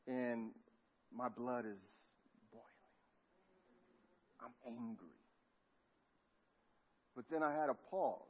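A middle-aged man preaching a sermon, telling a family story and dropping to a near hush at tender moments. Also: mid-range voice, takes it slowly, long pauses, a little hiss or hum. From Los Angeles. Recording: muffled lo-fi sound.

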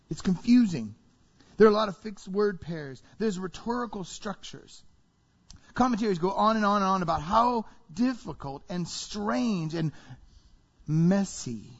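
A man preaching a sermon to a congregation, animated and full of rhetorical questions. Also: high-pitched, moderate pace. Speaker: pastor. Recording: reverberant hall, dull sound.

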